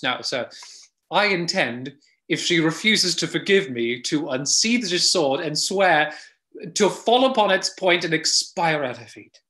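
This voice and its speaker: A man's voice: a little high, sharp tone. Stammering man reading a flustered part. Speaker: volunteer reader playing Jack. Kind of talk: live play reading.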